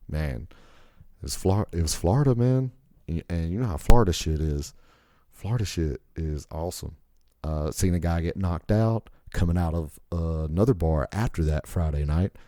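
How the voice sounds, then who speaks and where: A man's voice: deep voice, warm tone, no room sound, clean studio sound. A man hosting a podcast, telling rambling, profane stories in a laid-back, casual way. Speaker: podcast host.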